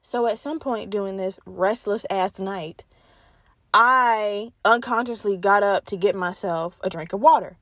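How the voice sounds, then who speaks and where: A woman's voice: medium pitch, measured pace, no room sound, studio quality. A young woman hosting a podcast, telling a story in a casual, profane way and talking straight to her listeners. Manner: profane, animated, addresses listeners as y'all. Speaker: podcast host.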